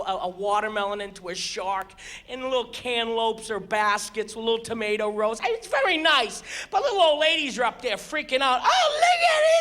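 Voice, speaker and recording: A man doing a stand-up comedy set on stage, exasperated and ranting, bursting into loud shouts before a live audience. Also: very high-pitched. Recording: live show with audience laughter and noise.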